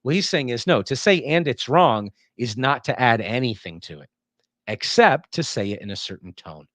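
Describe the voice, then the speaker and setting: A man's voice: medium pitch, normal speed, no echo. A man teaching a philosophy class, lecturing casually and acting out example tones of voice as he explains. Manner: animated, acts out example tones of voice.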